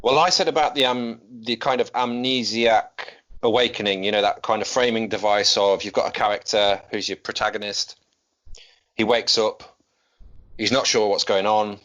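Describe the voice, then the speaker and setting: A man co-hosts a casual film podcast, speaking in a measured, conversational way. His voice is on the low side with a bright, forceful tone. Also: steady tone. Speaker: podcast co-host.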